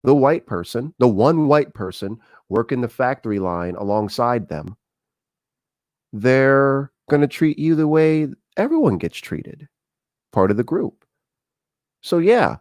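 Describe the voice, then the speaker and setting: A middle-aged talk show host speaks casually in a medium-pitched, unhurried voice, recorded dry with clean studio sound. He's conversational and animated, telling stories and acting out the dialogue.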